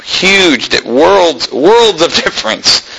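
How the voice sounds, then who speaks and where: A man's voice: on the high side, sing-song, takes it slowly, gravelly, bright, forceful tone, breathy edge, low-quality recording. A pastor preaching a sermon from the pulpit in an emphatic style, firing rhetorical questions at his congregation. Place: church pulpit.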